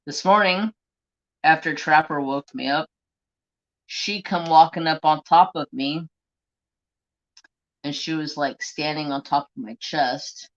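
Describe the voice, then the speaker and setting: Bright-voiced guy ranting casually on his live craft stream, cusses a lot, muffled lo-fi audio. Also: a little high, slow pace, pauses often. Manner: blunt, swears freely, chatty. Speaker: craft livestream host.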